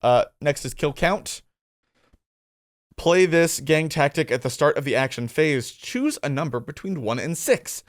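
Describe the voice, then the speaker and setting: A man's voice: a little high, expressive, unhurried. A man co-hosting a casual tabletop gaming talk, reading rules aloud and then chatting about them, laughing easily. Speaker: co-host.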